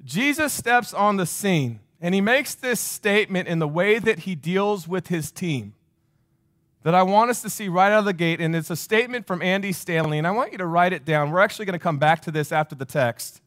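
Forty-something male preacher, higher voice, repeats lines and quizzes the congregation. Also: lively intonation, brisk, fairly bright tone, no room sound, studio quality. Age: 40s. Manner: emphatic, repeats phrases, asks the crowd questions. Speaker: pastor. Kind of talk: sermon.

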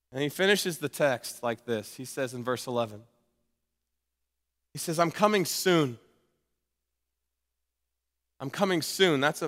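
Energetic preacher with a bright, ringing voice. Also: male voice, a little high. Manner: energetic, conversational preaching with frequent restarts. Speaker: pastor. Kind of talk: sermon. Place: church sanctuary. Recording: long hall reverb.

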